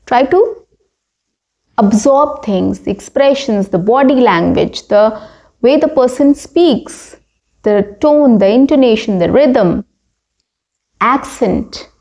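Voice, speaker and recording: A woman's voice: a little high, lively intonation, slow pace, darkish tone, lo-fi sound. Indian woman coaching spoken English. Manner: coaching, repeats "right?" and lists. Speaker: English teacher.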